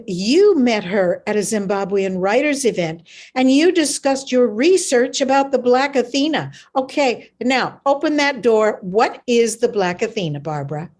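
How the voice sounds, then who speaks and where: A woman's voice: on the high side, expressive, unhurried, a little mellow. A woman hosting a radio talk show, chatting casually with her guest and laughing easily. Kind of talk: casual interview chat.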